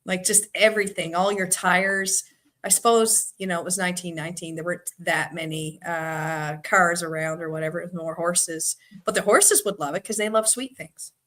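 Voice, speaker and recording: A woman's voice: on the low side, steady tone, normal speed, a bit bright. A woman from Boston with a Boston accent, hosting a trivia live stream in easy, chatty talk and reading viewer comments aloud. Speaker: trivia host. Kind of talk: casual live-stream chat.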